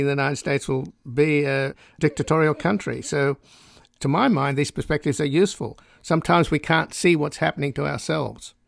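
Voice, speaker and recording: Male radio host; gravelly, dry studio sound; asks long, probing questions. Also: a little high, dry recording. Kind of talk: radio interview.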